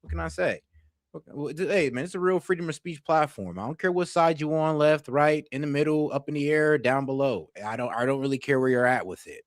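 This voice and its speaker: A man's voice: on the high side, brisk, no echo. Laid-back male reaction streamer, dry sound. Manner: laid-back slang, laughing asides, repeats himself. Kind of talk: casual reaction commentary.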